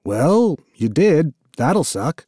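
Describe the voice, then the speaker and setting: A man's voice: fairly high pitch, big pitch swings, drawn-out words, warm tone, breathy edge, no room sound, studio quality, pitched above the performer's own voice, exaggerated voice. A man doing a blunt, tough prisoner. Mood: wry. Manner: blunt, laconic and wry. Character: tough, blunt male prisoner, hardened to pain.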